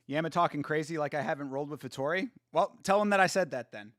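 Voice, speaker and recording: A high-voiced man hosts a casual live watch-along, swearing freely and trash-talking the fighters. He reads viewer chat aloud, answers it, and laughs often. The sound is close and dry, with no room echo. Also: fast. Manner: excitable, profane, trash-talking. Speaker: host.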